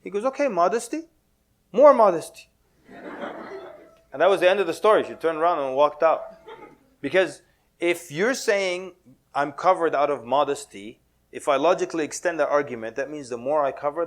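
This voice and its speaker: A man giving a lively, joking talk to an audience at a mosque, mixing in Arabic words and acting out quotes. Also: on the high side. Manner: animated, playful, drops Arabic words, laughs often. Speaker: Muslim speaker giving a talk.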